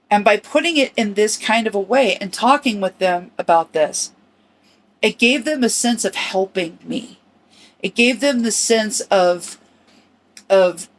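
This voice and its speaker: A middle-aged woman talks in an earnest, personal podcast monologue. She speaks in short phrases with small restarts, reflective and sincere, her voice sitting at an ordinary pitch for a woman. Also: expressive, a little slow. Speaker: podcast host.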